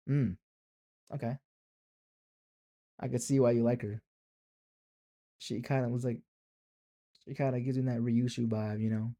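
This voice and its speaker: A man reading a manga aloud and dropping casual, low-key comments as he goes. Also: steady tone, a little slow, pauses often, dark tone. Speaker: manga reader streamer.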